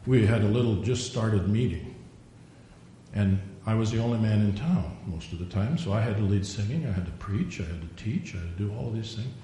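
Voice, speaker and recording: A man's voice: brisk, mellow. An older man preaching a sermon, a digressive storyteller who acts out the quotes he tells. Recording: very echoey room, faint rumble.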